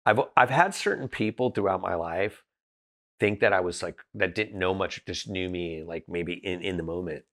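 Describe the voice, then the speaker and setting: His voice sits low, bright-ish in tone, at a normal speed. As a guest on a podcast, this business founder from Southern California tells frank, casual stories in a straightforward way, repeatedly restarting what he's saying.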